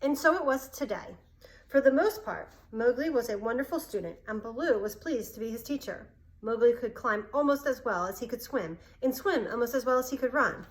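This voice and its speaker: A woman reads a storybook aloud, steady and expressive, her voice sitting somewhat high for a woman. She narrates at an even pace. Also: brisk, poor audio.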